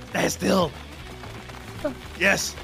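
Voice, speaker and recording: A man excitedly playing a party game with friends, cheering and shouting. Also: high voice, gravelly. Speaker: gamer. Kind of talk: excited multiplayer gaming commentary.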